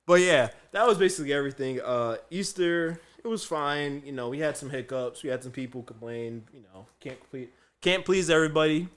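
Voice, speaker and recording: A man's voice: fairly high pitch, a little fast. Laughing man telling a work story. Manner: animated storyteller, acts out quotes, laughs a lot. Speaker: podcast co-host, chef. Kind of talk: casual chat, storytelling.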